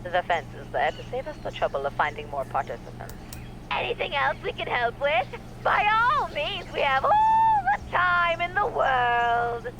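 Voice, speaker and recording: A woman's voice: fairly low pitch, wildly swooping pitch, fairly quick, noisy background. A woman voicing a curt male military guard who speaks in a cold, clipped, sarcastic way while reading a game's dialogue aloud.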